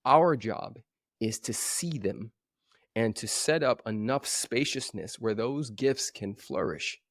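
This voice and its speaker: Animated man in his forties on a dry mic. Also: mid-range voice, slow, dry recording. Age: 40s. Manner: animated storyteller who acts out voices. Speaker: guest coach. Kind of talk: podcast interview.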